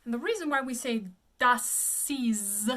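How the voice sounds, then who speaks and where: A woman voice coach giving a pronunciation lesson. She demonstrates each word slowly and then repeats it. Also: a little high, lively intonation, a bit bright.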